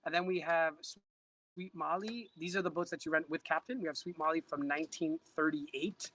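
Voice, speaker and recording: A man's voice: a little high, fairly even intonation, moderate pace, fairly bright tone, rough recording. A man who runs a boat rental, explaining the boats in an upbeat, joking salesman patter. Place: outdoors on a boat in a lagoon.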